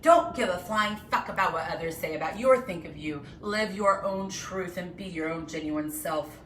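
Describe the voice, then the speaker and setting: A woman putting on a theatrical, mocking female Satan persona for a comedy monologue, swinging between whispers and loud declarations. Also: lowish voice, normal speed, recorded from a distance, slight background noise, lightly acted. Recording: echoey room, voice off-mic.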